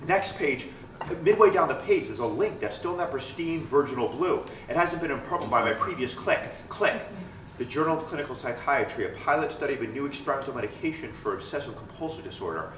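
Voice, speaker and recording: A man performing a stand-up storytelling monologue on stage, animated and self-mocking, often repeating phrases. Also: medium pitch, quick pace, noisy background. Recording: roomy stage sound, mic at a distance.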